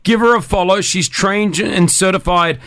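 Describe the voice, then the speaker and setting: A man's voice: sits high, moderate pace, fairly bright tone, no room sound. A male radio host in the studio, chatting and joking with guests in a loose, laughing way. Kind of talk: casual radio chat.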